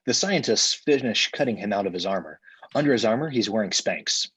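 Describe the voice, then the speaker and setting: A man reading the stage directions deadpan in a live comedy table read. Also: fairly low pitch, brisk, slightly rough, rough recording.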